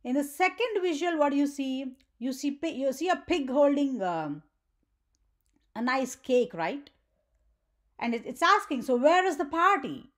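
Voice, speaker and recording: A woman's voice: sits high, expressive, unhurried, pauses often. A woman teaching a grammar lesson for children, often checking in with "right?" and asking the viewer questions.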